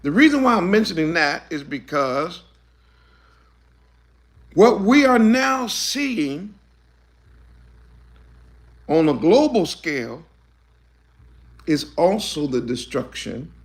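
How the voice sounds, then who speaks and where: A man preaching a fiery sermon, emphatic and repetitive, swinging between quiet remarks and shouted lines in loose, casual grammar. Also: a little high, lively intonation, takes it slowly, long pauses.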